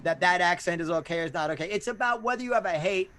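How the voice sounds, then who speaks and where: High-voiced man hosting a panel chat. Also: fairly bright tone. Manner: earnest, explains at length with halting restarts. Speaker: club owner and podcast host.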